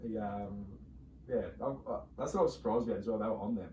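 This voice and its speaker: Here the young Australian co-host speaks quickly, his low-leaning voice warm over a slight hiss or hum. Casual podcast chat finds him telling meandering stories full of fillers and false starts, picked up by a far-off mic in an echoey room.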